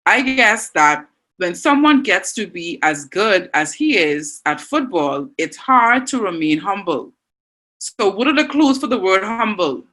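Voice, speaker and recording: A woman's voice: mid-range voice, a bit bright, low-quality recording. Encouraging Bahamian woman teaching online. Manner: encouraging, reads out student answers. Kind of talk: online class lesson.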